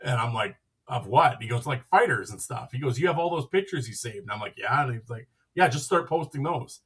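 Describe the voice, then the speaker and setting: A man hosts a podcast and tells a loose, rambling story, slipping into the other people's lines as he goes. His voice is husky, at a middle pitch for a man. He sits a little back from the microphone. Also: expressive, brisk, a bit bright, far from the mic. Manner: rambling, acts out quoted dialogue with "I'm like". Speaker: podcast host. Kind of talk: casual storytelling.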